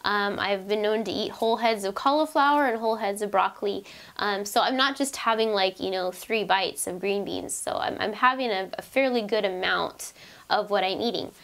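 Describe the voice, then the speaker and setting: A woman's voice: medium pitch, moderate pace, creaky, a bit bright, rough recording. A young woman chatting casually to camera as a diet vlogger, with lots of fillers and restarts, and her voice is wearing out. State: losing her voice. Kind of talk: casual vlog talk to camera.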